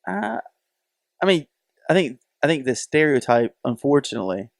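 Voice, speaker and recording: A man with a fairly high pitch and vocal fry speaks at normal speed in a dry, studio-quality recording. He co-hosts a podcast, and in the casual chat he tells animated stories, acting out the voices of the people involved.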